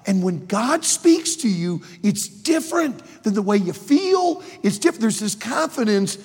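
A man preaching a sermon to students, emphatic and animated, with sudden loud outbursts. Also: high-pitched, moderate pace, breathy edge. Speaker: preacher and college teacher. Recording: long hall reverb.

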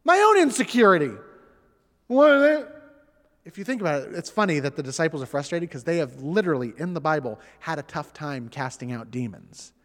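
A man in his thirties preaching as a pastor, an animated storyteller who acts out the voices in his stories. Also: fairly high pitch, a little fast. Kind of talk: sermon. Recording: long hall reverb.

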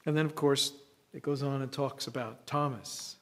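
A man preaching a sermon in a reflective way, with long dramatic pauses. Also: mid-range voice, fairly even intonation, fairly bright tone.

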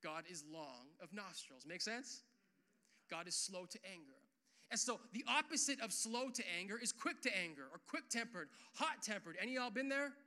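High, bright-voiced young pastor preaching. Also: male voice, normal speed. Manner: casual, animated preaching with frequent "like" and "uh"; swells louder and higher on key points. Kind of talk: sermon.

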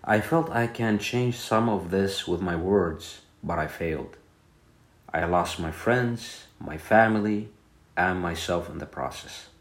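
A man's voice: sits low, measured pace, echoey room. A man voicing a weary male professor in a bedtime story, speaking in a downcast, confessional way.

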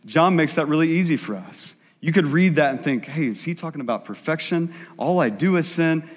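A male pastor preaching a sermon in a conversational style, acting out quick asides in the voices of the people he describes. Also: fairly high pitch, animated, in a large hall.

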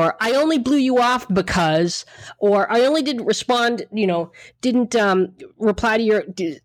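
A woman in casual conversation, speaking bluntly and with plenty of emphasis, often restarting her sentences. Her voice sits at an ordinary middle pitch. The recording is close and dry, with almost no room sound. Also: no echo. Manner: emphatic, frank, mildly profane, rambling with restarts. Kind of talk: casual chat.

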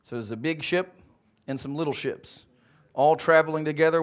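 A male pastor delivers a lively sermon at a church service, firing questions at his listeners and drawing answers back. His voice sits somewhat high for a man. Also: moderate pace, clean tone. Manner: animated, calls out questions to the congregation.

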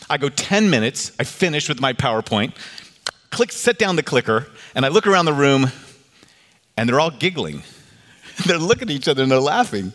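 Man preaching in a reverberant hall. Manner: animated, rises in pitch for quoted voices. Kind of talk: sermon with storytelling. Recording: long reverb of a large hall.

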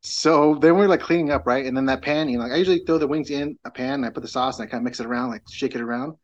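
A man's voice: medium pitch, very fast, highs cut off. A middle-aged man chatting as a podcast guest, rambling through a story with lots of fillers and restarts. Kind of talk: casual chat.

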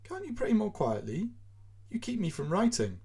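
A man's voice: mid-range voice, moderate pace, a little mellow, natural voice. A man voicing a weary, self-pitying male writer who complains and whines, in a storybook reading. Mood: irritated. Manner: whining, complaining.

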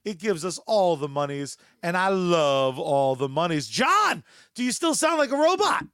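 A man's voice: high-pitched, sing-song, normal speed, a bit bright, no echo, clean studio sound. A man co-hosting a podcast in a casual, joking way, with a sponsor read. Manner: loose, joking, fills with "uh". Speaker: podcast co-host.

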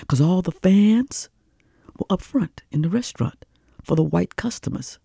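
An older woman storyteller telling a childhood story in an animated, rhythmic way, with lots of repetition. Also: low voice, creaky, husky, no echo, clean studio sound. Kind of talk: oral storytelling performance.

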